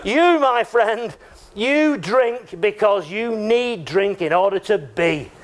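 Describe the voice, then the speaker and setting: A man voicing a stern older male psychiatrist who bluntly confronts a drinker, speaking slowly for emphasis. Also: high-pitched, lively intonation. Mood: lecturing.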